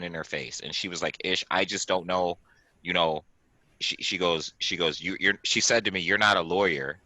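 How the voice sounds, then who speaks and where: A man in his forties, a podcast host, telling a story on a video call in an animated, emphatic way, often repeating himself and acting out what people said. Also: low-pitched, no echo, poor audio. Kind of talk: casual storytelling chat.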